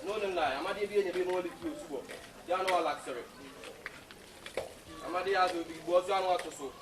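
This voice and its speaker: A man playing a pushy young customer with a Ghanaian accent, bargaining in rapid talk, recorded outdoors with a far mic. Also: high voice, noisy background.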